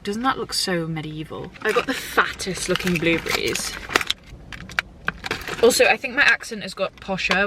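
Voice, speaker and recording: A woman's voice: mid-range voice, noisy background. A young woman with a British accent, chatting casually to her camera in a rambling vlog style. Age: young adult. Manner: chatty and rambling, frequent "like" and "genuinely". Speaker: vlogger.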